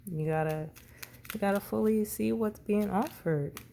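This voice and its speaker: A woman's voice: mid-range voice, a little slow, gravelly, warm tone, a little hiss or hum. A woman doing a casual tarot reading, rambling and often correcting herself. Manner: rambling, self-correcting, tongue-tied. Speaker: tarot reader.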